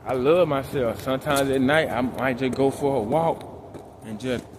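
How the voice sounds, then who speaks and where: A man vlogging while he walks outdoors at night, talking in a calm, laid-back, slangy way. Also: mid-range voice, moderate pace. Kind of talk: casual motivational talk while walking. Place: outdoors at night, walking laps. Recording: outdoor street noise. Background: traffic and outdoor ambience.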